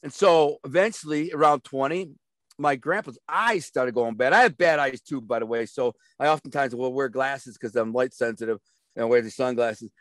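A man's voice: medium pitch, normal speed, no room sound, studio quality. A man telling stories as an interview guest, blunt and streetwise, rambling and repeating words as he goes. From Detroit. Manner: rambling, repeats words, acts out quoted voices. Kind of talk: storytelling in a casual interview.

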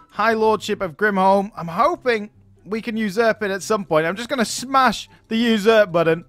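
A man's voice: high voice, moderate pace, a bit bright, soft background music. A man giving chatty gameplay commentary as he plays, chuckling often between remarks. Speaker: gaming YouTuber.

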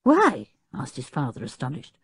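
A woman narrating a children's audiobook in a clear, expressive storytelling manner. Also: deep voice, normal speed, no room sound, clean studio sound. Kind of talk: scripted narration.

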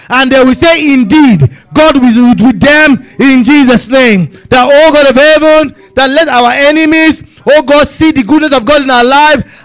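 A man with a strikingly high voice leads a congregation in prayer. He chants his lines and swells into shouts. He speaks as a pastor in fervent, repetitive declarations. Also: low-quality recording. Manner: drops lower and quieter reading scripture.

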